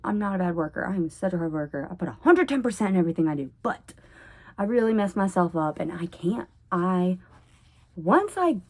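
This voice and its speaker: A woman rambling in a casual vlog monologue at home, oversharing and jumping between topics with sudden loud bursts. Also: lowish voice. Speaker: vlogger.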